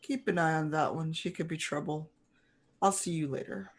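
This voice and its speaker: A woman voicing a sly male elf spymaster who talks in a quiet, teasing, low-key way. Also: slow pace. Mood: smug aloof.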